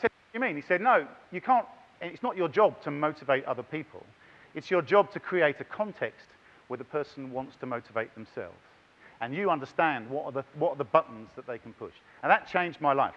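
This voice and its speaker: A middle-aged man giving a lively, chatty conference talk and directing the audience. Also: mid-range voice, muffled recording. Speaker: conference plenary speaker. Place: large conference hall.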